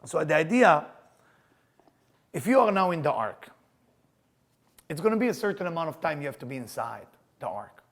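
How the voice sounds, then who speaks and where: A man's voice: on the high side, sing-song, normal speed, long pauses, fairly bright tone. An older man teaching a Kabbalah class, emphatic, repeating his questions, with non-native English grammar. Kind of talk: spiritual class lecture.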